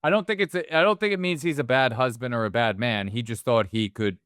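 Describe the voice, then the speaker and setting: A man's voice: mid-range voice, fast, a bit bright, clear, resonant tone, dry recording, studio quality. A man co-hosting a movie podcast, talking casually and animatedly, swearing often and acting out characters' lines. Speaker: podcast co-host.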